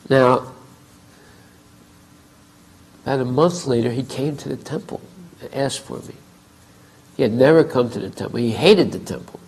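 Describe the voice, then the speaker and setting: Husky, gravelly male speaker for a temple class, casual storyteller who voices the dialogue himself. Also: mid-range voice, moderate pace, a little mellow, rough recording. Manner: conversational, acts out quoted dialogue.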